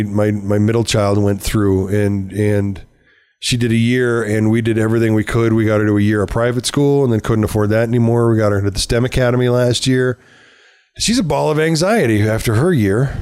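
A man's voice: fairly low pitch, a little mellow, smooth. A middle-aged man and parent telling a story in casual conversation, candid and self-mocking, swearing and laughing often.

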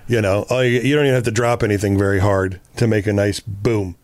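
A man's voice: lowish voice, fast talker, no room sound. A man co-hosting a relationship podcast, talking bluntly with plenty of swearing and acting out quoted lines. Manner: blunt, profane, animated quoting of himself. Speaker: podcast co-host. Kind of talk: casual relationship advice chat.

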